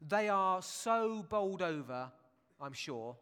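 A man's voice: high voice, animated, slow pace, fairly bright tone, smooth. A man preaching a sermon in a church, chatty and jokey, with asides to the congregation. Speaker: pastor. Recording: long church reverb.

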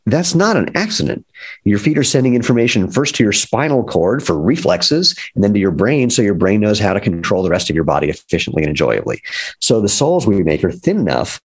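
A man's voice: fairly low pitch, very animated, a little fast, slightly rough. A man speaking as a guest about footwear, explaining with enthusiasm and wry asides. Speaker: footwear company founder as guest. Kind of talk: energetic explanatory talk.

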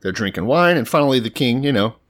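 A man co-hosting a casual comedic podcast, retelling a story with animated voiced asides and swearing. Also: medium pitch, fast, no room sound, clean studio sound.

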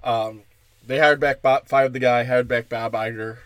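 A man's voice: mid-range voice, steady tone, normal speed, a bit bright, a little hiss or hum. Profane ranting young male comic. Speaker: stand-up comedian. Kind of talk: stand-up comedy rant.

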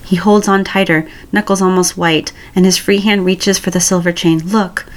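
A woman reading a romance story aloud in a calm, even storytelling voice. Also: on the low side, moderate pace. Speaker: story reader. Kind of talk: reading fan fiction aloud.

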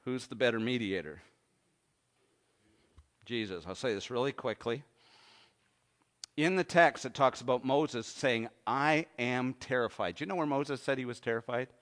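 A man preaching a sermon, swinging from hushed low lines to loud ones and asking the congregation questions. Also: moderate pace, long pauses. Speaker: pastor.

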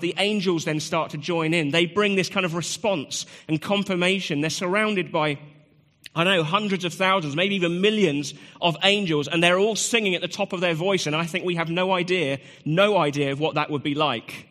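A man preaching a sermon as pastor, rising loud and lively when he reads scripture and dropping quiet for personal asides. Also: high voice, normal speed. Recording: echoey church hall.

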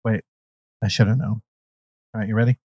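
A man's voice: fairly low pitch, fairly even intonation, lo-fi sound, very noisy. A man co-hosting a movie podcast, teasing his partner and laughing in casual banter. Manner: teasing, quick to laugh, interjecting. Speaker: podcast co-host.

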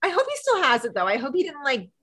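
A woman co-hosting a casual podcast, retelling a TV episode in animated chat and acting out the dialogue. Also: high voice, fast talker. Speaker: podcast co-host.

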